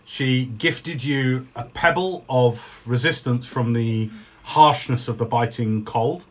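A man's voice: medium pitch, takes it slowly. A man serving as game master for his children, narrating their tabletop adventure in a loose, joking way and laughing easily.

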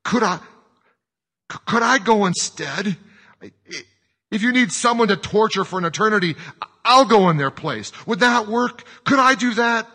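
A man's voice: mid-range voice, expressive, normal speed, slightly rough. A man playing a desperate father who stammers and pleads for his children. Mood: anguished. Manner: stammering, pleading, rising to shouts. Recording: long hall reverb.

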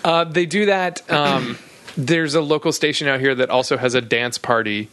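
A man in his thirties co-hosting a comedy podcast, tossing out quick deadpan quips. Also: medium pitch. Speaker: podcast co-host. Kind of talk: casual comedic banter.

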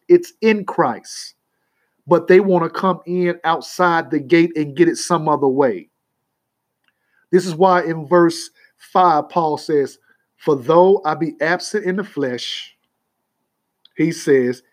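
A man's voice: sits high, darkish tone. A male preacher giving a sermon, emphatic, often asking his listeners "you see that?". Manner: repeats "you see that?" to the congregation; slow, emphatic delivery with long pauses.

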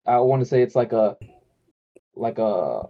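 A man's voice: mid-range voice, animated, unhurried, warm tone, muffled recording. A man from the Chicago area, co-hosting a casual chat and telling riled-up, profane stories. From Chicago area, USA. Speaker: podcast co-host.

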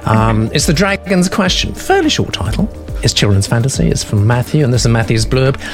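Guy hosting a live story stream, jokey and chatty, soft music in the background. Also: mid-range voice, animated, fairly quick. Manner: chatty and playful, jokes and laughs between reading notes. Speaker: host of a story reading show. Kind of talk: casual introduction on a live stream.

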